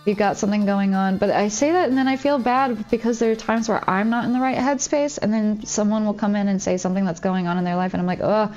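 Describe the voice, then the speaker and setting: A quick, mid-range, slightly mellow voice runs on with hardly any pauses, captured in dull audio over faint music. It's a woman streaming a game at home, chatting confidingly and rambling, "like" in nearly every line.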